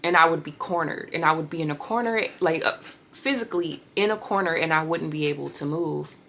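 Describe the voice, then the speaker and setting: A woman in her thirties candidly telling a personal healing story, reflective and pausing often. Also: deep voice, gravelly, fairly bright tone, a little hiss or hum. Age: 30s. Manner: reflective, with pauses and fillers. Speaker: vlogger sharing a healing story.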